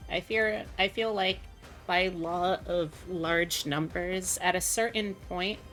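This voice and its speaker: A woman's voice: fairly low pitch, fairly even intonation, slow pace, a bit bright, faint music behind. A woman streamer chatting casually to her viewers while playing, rambling and musing aloud with plenty of fillers.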